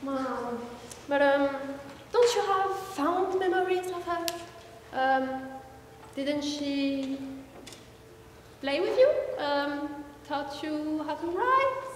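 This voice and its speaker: A woman's voice: high-pitched, animated, drawn-out words, pauses often, full character voice. A woman playing a sly female defense lawyer in a school stage play, hesitant with many fillers and theatrical. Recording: echoey hall, far from mic, faint noise.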